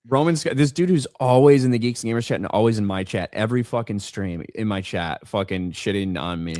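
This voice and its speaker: A man's voice: lowish voice, fairly quick, darkish tone, no echo, clean studio sound. Blunt, profane male podcast host. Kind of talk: casual chat.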